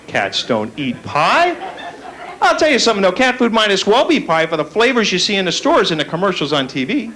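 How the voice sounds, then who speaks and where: A man's voice: high-pitched, very animated, a little fast, sharp tone. A man performing a stand-up comedy set on a club stage, playfully acting out the voices of his characters. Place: comedy club stage before a laughing audience. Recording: live club recording with crowd noise.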